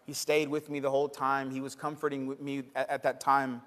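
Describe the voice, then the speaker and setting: A young man from Texas, a pastor preaching a sermon to his church, moving between loud emphatic preaching and quiet storytelling. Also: medium pitch, monotone, brisk, long reverb tail. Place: church sanctuary.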